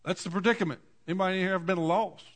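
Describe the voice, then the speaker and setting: A man's voice: high voice, racing. Folksy preacher in his forties. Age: 40s. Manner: folksy storytelling, swings from quiet asides to loud cries. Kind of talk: sermon. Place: church.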